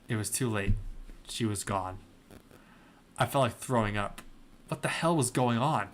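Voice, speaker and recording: A young man hosts a video reading fan fiction aloud in a dry comedic style, breaking into laughter and sarcastic asides as he comments. His voice is lowish and his delivery unhurried.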